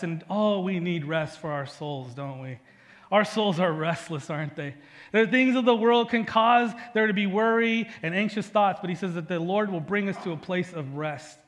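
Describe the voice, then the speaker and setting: A pastor with a notably high voice for a man delivers a sermon. He speaks earnestly and conversationally, with fillers and emphatic repeats. His voice rings out with the long reverb of a church hall. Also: fairly bright tone. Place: church sanctuary with people present.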